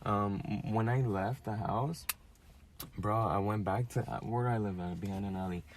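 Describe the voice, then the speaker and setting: A man's voice: lowish voice, moderate pace, slight background noise. Rambling young man telling a story. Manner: rambling, repeats "bro" often, swears freely. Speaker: podcast guest telling his story. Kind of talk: casual chat.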